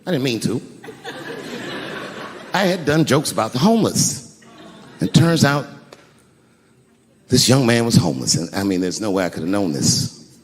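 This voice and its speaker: Animated man doing stand-up in a hall. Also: mid-range voice, normal speed, pauses often. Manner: animated storytelling, acts out voices. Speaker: stand-up comedian. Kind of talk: stand-up comedy set. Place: large theater stage with audience. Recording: live hall with reverb and crowd noise. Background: audience laughter.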